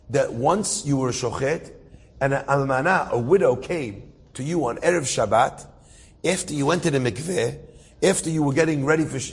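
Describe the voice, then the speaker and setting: A male rabbi tells a story with a slightly husky, breathy voice. He speaks at an even, middling pitch and acts out the characters with rising emotion. The sound carries a long reverb, as if he is in a large hall. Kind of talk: storytelling talk.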